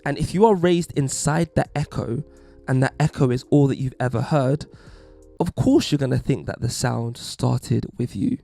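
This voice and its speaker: A man's voice: mid-range voice, normal speed, creaky, mellow, soft background music. A man hosting a podcast, giving an emphatic, wry opinion monologue. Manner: wry, emphatic, puts on mock voices. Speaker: podcast host.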